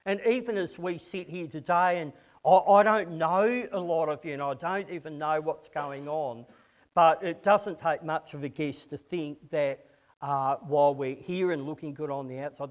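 A man preaching a conversational sermon to a congregation, often repeating words as he starts a phrase. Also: fairly high pitch.

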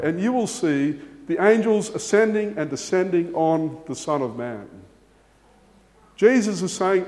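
A man's voice: high voice, animated, moderate pace, a little mellow, big-room sound. A man preaching a sermon, earnest and emphatic, repeating key words for stress. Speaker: pastor.

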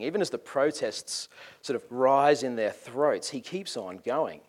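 A man preaching a sermon in a lively, conversational and joking way. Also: medium pitch, moderate pace.

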